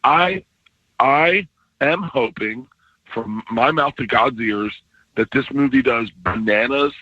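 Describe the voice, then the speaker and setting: A man's voice: mid-range voice, slow pace, husky, dry recording, highs cut off. A middle-aged man, a comedian calling in to a radio show, telling stories with lots of laughter and acted-out quotes. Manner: animated storyteller, laughs often, acts out quotes. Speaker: comedian guest. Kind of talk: casual radio interview. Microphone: phone call-in.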